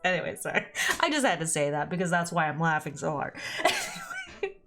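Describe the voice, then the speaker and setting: Young female streamer, rambling and giggly, animated sing-song delivery. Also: quick pace, faint music behind. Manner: giggly, rambling, often breaks into high laughter. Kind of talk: let's play commentary, reading game dialogue aloud.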